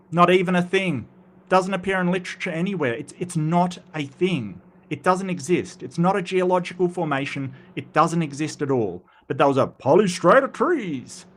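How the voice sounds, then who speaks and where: A man's voice: fairly high pitch, a bit bright. An Australian man hosting a live commentary stream, reading chat comments and answering them. He talks bluntly and wryly, often restarting his sentences. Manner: halting, many restarts, blunt and wry.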